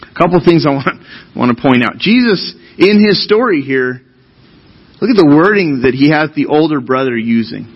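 A man's voice: fairly high pitch, expressive, moderate pace, husky, highs cut off. A man preaching a sermon as pastor, reading scripture aloud and then explaining it with emphatic repetition. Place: church.

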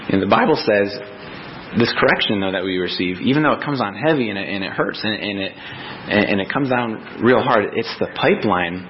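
A man's voice: fairly low pitch, muffled recording, slight background noise. A man in his thirties, a pastor preaching a conversational sermon and acting out quoted voices. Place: church sanctuary.

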